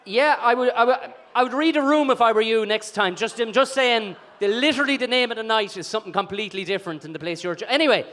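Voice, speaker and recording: A man's voice: very high-pitched, fast talker, hardly any pauses, fairly bright tone, a faint crowd. A man hosting an awards night, joking and teasing the guests on stage before a live audience. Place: event hall with a live audience.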